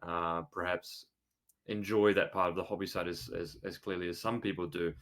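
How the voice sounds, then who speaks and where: A man hosting a podcast in casual chat, relaxed and hedging with fillers. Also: sits low, moderate pace. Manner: relaxed, hedging with "you know" and "um". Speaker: podcast host.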